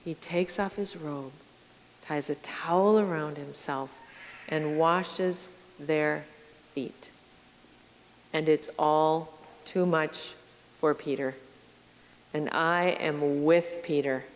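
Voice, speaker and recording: A middle-aged woman pastor giving a sermon, telling stories slowly and reflectively and speaking straight to her congregation. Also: sits low, steady tone. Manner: slow, reflective storytelling with direct address to the congregation. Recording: long church reverb.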